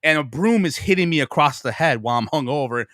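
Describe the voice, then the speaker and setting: A man's voice: a little high, expressive, fast, fairly bright tone, dry recording, studio quality. A man in his forties from Buffalo, guest on a sports talk podcast, telling long profane stories with self-mocking humor. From Buffalo, New York. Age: 40s. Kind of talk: casual sports chat.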